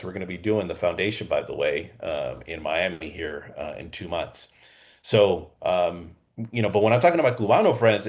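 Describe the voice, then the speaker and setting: A man with a fairly low voice teaches real estate agents in a loose, energetic lesson. He talks like he is chatting with the room and keeps tossing in a quick "okay?" to check that the point landed. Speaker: real estate sales coach. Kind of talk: coaching lesson. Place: Southern California.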